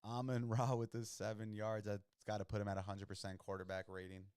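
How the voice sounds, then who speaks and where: Young male host, very low voice, smooth and dry close-mic sound, casual slangy play-by-play reactions. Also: level tone, a little fast, a little mellow, dry recording. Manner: loose and slangy, reacting to plays. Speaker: podcast host watching football. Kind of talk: casual live-watch commentary.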